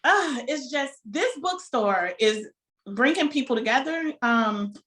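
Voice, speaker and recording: Animated woman bookstore owner. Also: high voice, slow. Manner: animated, heartfelt storytelling. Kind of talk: casual interview talk.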